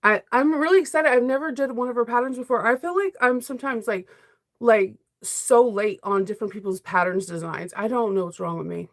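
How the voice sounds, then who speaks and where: A middle-aged woman sewing vlogger chatting casually on a livestream, talkative and quick to laugh. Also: fairly high pitch. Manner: chatty, laughs often, emotional.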